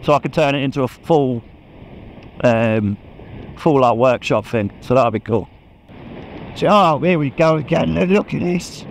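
A man chatting excitedly to a helmet camera while riding a motorbike, laughing often. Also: mid-range voice, a little slow, long pauses, a little hiss or hum, low-quality recording. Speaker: motorcycle vlogger. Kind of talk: casual chat while riding. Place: on a motorbike on open country roads. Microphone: helmet-mounted action camera.

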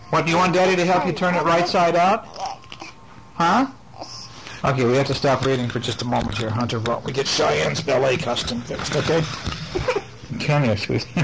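A father reading a picture book aloud to his child at home, playful and animated, with chatty asides. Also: a little high, gravelly, noisy background. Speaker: father reading a bedtime story.

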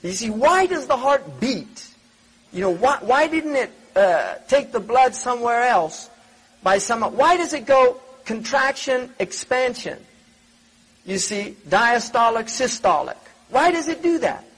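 Male religious lecturer, very high voice with a breathy edge, chatty and digressive, keeps asking the audience questions. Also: sing-song, a little slow, fairly bright tone, poor audio. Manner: conversational, digressive, frequent rhetorical questions. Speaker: Islamic scholar lecturing.

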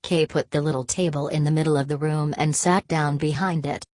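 Low-voiced woman reading a novel. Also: fairly even intonation, a little mellow, no room sound. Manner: measured, announces page numbers. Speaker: audiobook reader.

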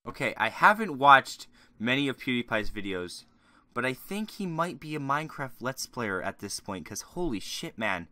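Mocking man with a bright edge. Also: medium pitch, very animated, moderate pace. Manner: crude, mocking, rambling asides. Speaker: YouTube commentator. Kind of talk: sarcastic reaction commentary.

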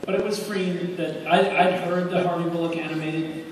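A man, an actor, speaking thoughtfully and haltingly on a convention panel. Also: a little high, fairly even intonation. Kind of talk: panel talk. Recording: distant mic in a reverberant hall, noise.

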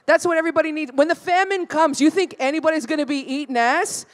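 A woman's voice: high-pitched, fast. Brash profane woman comic. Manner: brash, profane, crowd-teasing. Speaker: stand-up comedian. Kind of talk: stand-up comedy set. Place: live comedy venue.

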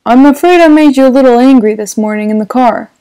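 A woman voicing a charming, evasive young rich man in an audiobook reading, speaking smoothly and reassuringly. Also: high voice, quick pace, dark tone, dry recording.

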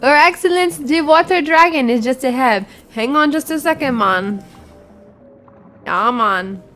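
A woman co-hosting a casual let's play, excitable and playful as she reacts to the game. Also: high voice, a little slow, faint music behind. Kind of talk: casual gameplay chat.

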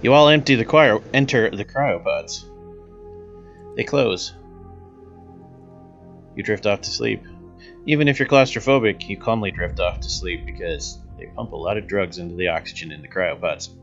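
A man's voice: lowish voice, moderate pace, long pauses, lo-fi sound, faint music behind. A man running a tabletop role-playing game as game master, narrating with dry humor.

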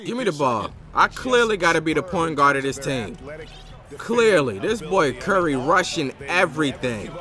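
Loud, exasperated young gamer man. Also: a little high, very animated, moderate pace, a crowd in the background. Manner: loud, exasperated, swears and yells at the game. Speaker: gaming YouTuber. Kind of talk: live gameplay commentary. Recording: game music behind the voice. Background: game music and basketball commentary.

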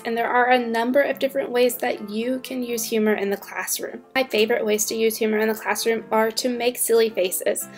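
A woman who teaches English online, giving upbeat, clear tips to fellow teachers. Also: on the high side. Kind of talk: instructional talk to fellow teachers.

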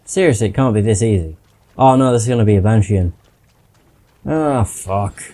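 A man's voice: on the low side, quick pace, warm tone. A man commenting casually on his gameplay, muttering to himself and swearing when frustrated. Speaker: gamer doing a playthrough.

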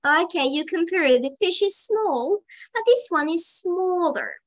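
A woman teaching English to children in a live online class, speaking slowly and leaping into high, excited emphasis on key words. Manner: slow, drawn-out teacher talk with sudden high, excited emphasis.

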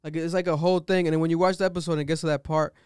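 Young man, podcast host, animated slangy chat, smooth clear voice, dry studio sound. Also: on the high side, very fast, no echo. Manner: animated, slangy storytelling with swearing. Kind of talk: casual chat.

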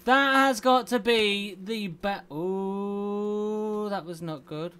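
A man's voice: sits high, slow pace, pushed and bright, clear, resonant tone. A man hosting a gaming channel, chatting casually and playfully grumbling as he plays. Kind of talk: casual let's play commentary.

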